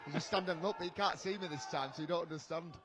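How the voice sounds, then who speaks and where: Fast-talking Yorkshire man on commentary. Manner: chatty, fast, blunt and joking. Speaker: co-commentator, former fullback. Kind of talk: live match co-commentary. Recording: noisy pitchside ambience.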